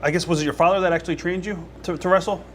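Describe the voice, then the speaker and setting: A man interviewing a guest, asking questions in a halting way and rephrasing as he goes. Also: high voice, steady tone, fairly bright tone. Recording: distant mic, faint background noise.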